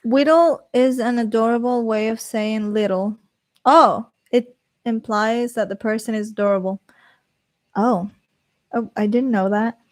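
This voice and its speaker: Slow-talking chatty woman. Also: on the high side, darkish tone. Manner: chatty, laughs often, reads comments aloud. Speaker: streamer reading live chat. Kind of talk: casual live-stream chat.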